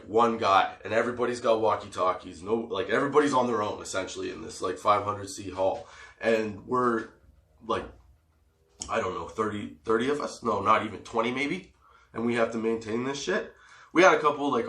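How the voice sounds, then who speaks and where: A man in his forties telling a story for a comedy podcast, swearing freely and laughing as he goes. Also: on the low side. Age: 40s. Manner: profane, animated storyteller who laughs often. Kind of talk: casual storytelling. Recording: roomy echo.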